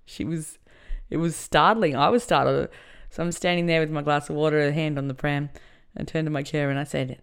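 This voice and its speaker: Brisk and clear, a woman with a low, resonant voice hosts a podcast and candidly tells a personal story. She keeps it conversational, with plenty of fillers.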